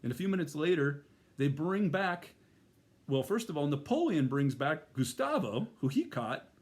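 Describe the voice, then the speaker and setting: A middle-aged man telling a personal story in a casual, rambling way, full of fillers and restarts. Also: on the high side. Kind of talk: first-person spoken storytelling.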